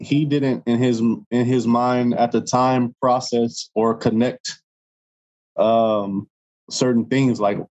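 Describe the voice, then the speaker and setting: A man's voice: medium pitch, darkish tone. A man co-hosting a podcast, speaking hesitantly and searching for words. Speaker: podcast co-host. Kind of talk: casual chat. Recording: dull lo-fi sound.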